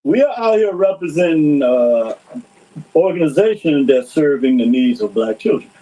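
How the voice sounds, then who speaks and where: A man who fundraises, chatting as a podcast guest, agreeable and quick to laugh. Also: a little high, big pitch swings, mellow, low-quality recording. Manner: agreeable, laughs often, restarts. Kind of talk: casual conversation.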